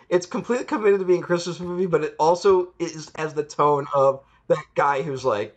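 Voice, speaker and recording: A man's voice: fairly high pitch, sing-song, normal speed. A man chatting casually about a film on a podcast, rambling, laughing and acting out scenes from it. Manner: rambling, chuckling, acts out quotes. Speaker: podcast co-host. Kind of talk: casual film review chat.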